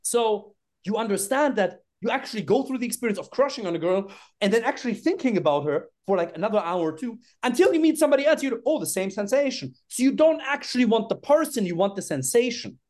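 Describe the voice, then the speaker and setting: A man appearing as a dating coach guest on a podcast talks bluntly, swears freely, and acts out the lines he quotes in this animated interview. His expressive, darkish voice moves quickly, swinging widely in pitch for emphasis.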